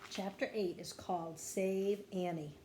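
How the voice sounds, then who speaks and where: A woman, a kindergarten teacher, reading a children's chapter book aloud with expressive storytelling. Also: a little slow, background noise. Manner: expressive storytelling, dropping low after quotes.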